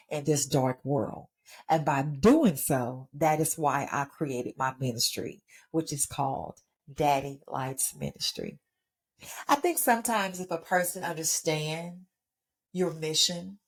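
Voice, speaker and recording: A middle-aged Texan woman with a low voice and a Texas accent founded a ministry. She gives an earnest, conversational inspirational faith talk, often checking in with her listeners.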